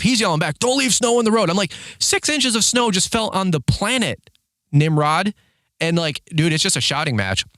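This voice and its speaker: A man in his thirties tells a rambling story to the camera in a casual vlog. He fills his speech with "like" and "dude" and jumps up in pitch whenever he acts out someone yelling. His voice sits at an ordinary middle pitch and sounds dry and close. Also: no echo. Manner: animated storyteller, acts out shouted quotes in a higher voice; heavy use of filler words like "like" and "dude". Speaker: lawn care business owner.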